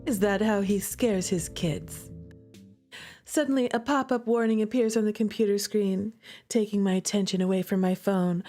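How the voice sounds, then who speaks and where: A woman's voice: mid-range voice, fairly even intonation, moderate pace, dark tone, soft background music. A young woman streaming a visual novel, reacting in a dramatic, playful way. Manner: dramatic, playful, lots of laughs and gasps.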